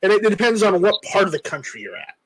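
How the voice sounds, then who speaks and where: A man's voice: sits high, very animated, fast talker, a bit bright, breathy edge, dry recording, poor audio. A man hosting a casual livestream, reading viewer comments aloud and rambling with jokes. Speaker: livestream host reading chat.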